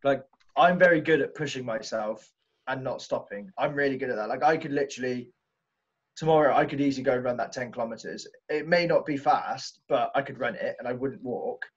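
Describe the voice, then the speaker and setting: A young man co-hosting a casual podcast, chatty and asking questions, often pausing on "um". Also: medium pitch, husky, highs cut off. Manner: chatty, hesitant with "um". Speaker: podcast co-host.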